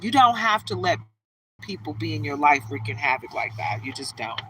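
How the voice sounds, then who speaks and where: A woman's voice: low-pitched, very animated, normal speed, pushed and bright, recorded from a distance, slight background noise, poor audio. A woman giving a tarot reading in casual chat, laughing often and drifting into stories, from a car. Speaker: tarot reader.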